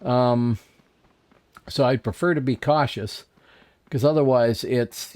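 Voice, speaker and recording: A man's voice: mid-range voice, slow, pauses often, a little mellow. A man streaming an online game, chatting casually as he plays and answers viewers in chat. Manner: chatty, musing aloud, reading chat. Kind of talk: casual gameplay commentary.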